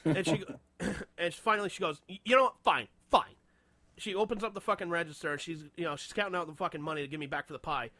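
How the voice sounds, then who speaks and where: A young man co-hosting a casual podcast, telling a heated story full of swearing and quick laughs. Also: a little high, no echo. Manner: profane, animated storytelling, frequent laughter. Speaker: podcast co-host.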